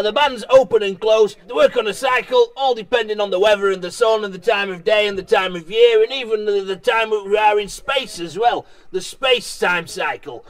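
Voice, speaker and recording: A man talking bluntly and swearing as he vlogs about radio from his vehicle on a hilltop. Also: high-pitched. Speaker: radio hobbyist vlogger. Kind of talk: casual ranting vlog. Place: vehicle parked on a hilltop outdoors.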